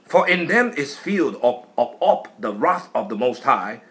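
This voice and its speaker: Man reading scripture with lively pitch. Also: measured pace. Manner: plain steady reading, answers the preacher's prompts. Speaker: scripture reader. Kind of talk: reading scripture aloud in a sermon.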